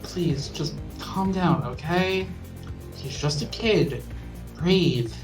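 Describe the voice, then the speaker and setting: A man reading the lines of an earnest young man who pleads gently with a friend to calm down. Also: on the high side, very slow, recorded from a distance, over music, low-quality recording. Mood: pleading.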